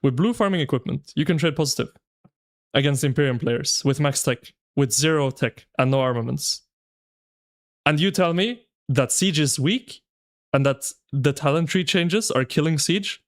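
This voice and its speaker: A man streaming live, chatting with his viewers in an excitable, slangy, ranting way. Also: on the high side, normal speed. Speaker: game streamer. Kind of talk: casual live-stream commentary.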